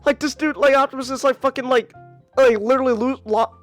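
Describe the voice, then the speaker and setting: A podcast host in casual, rambling comic-review chat, animated and swearing freely, leaning on filler words. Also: high voice, fast talker, no echo, soft background music.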